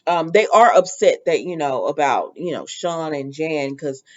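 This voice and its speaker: A woman's voice: low voice, lively intonation, measured pace, highs cut off. A woman hosting a casual soap opera recap, chatty and opinionated, with lots of fillers.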